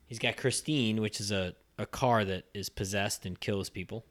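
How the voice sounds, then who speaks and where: A man's voice: on the low side, fairly even intonation, normal speed. A man co-hosting a podcast in casual chat, rambling and full of fillers. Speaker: podcast co-host.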